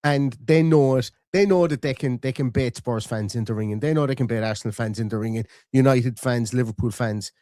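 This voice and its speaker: An animated man hosts a casual football chat and drives his points home in quick bursts. His voice sits at an ordinary mid pitch. The sound is close and dry, with no echo. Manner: animated, rapid-fire, acts out quoted voices. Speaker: football fan podcast host.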